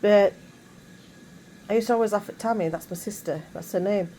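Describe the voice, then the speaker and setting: A woman's voice: medium pitch, normal speed, mellow, a little hiss or hum, poor audio. A woman chatting casually in her bedroom, rambling with many asides. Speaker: vlogger. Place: bedroom at home.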